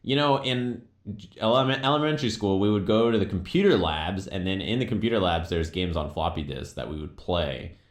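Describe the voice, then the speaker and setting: A male live streamer rambles through chat messages with a profane, joking manner. His voice sits a bit low, and the room gives it a noticeable echo. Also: expressive, moderate pace. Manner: profane, riffing, mocking impressions. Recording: roomy echo.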